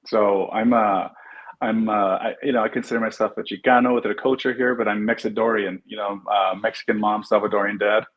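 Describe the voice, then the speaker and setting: A man's voice: lowish voice, fairly quick, muffled recording. A middle-aged man from Los Angeles, a guest actor and producer, telling stories in casual interview chat and acting out the lines he quotes. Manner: animated storyteller, acts out quotes.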